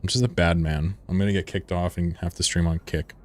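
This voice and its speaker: A man's voice: low-pitched, steady tone, brisk, a little mellow. A man streaming a game, chatting casually with his audience in a rambling, profane way and chuckling often. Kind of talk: casual live-stream commentary.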